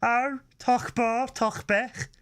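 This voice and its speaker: A man's voice: very high-pitched, fairly even intonation, slow, a bit bright, clear, resonant tone, pitched above the performer's own voice, full character voice. A man voicing a comic male Klingon warrior with a Birmingham accent, drawn out and jokey.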